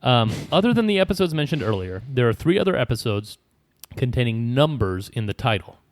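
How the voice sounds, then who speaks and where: A man's voice: mid-range voice, very animated, fairly quick. A man hosting a trivia game on a podcast, reading clues aloud and laughing often. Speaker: quiz host.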